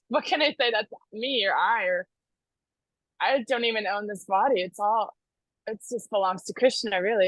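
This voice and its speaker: A woman's voice: a little high, a bit bright, no echo, low-quality recording. An American woman sharing devotional news in a casual, chatty way, laughing often and correcting herself as she goes. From United States.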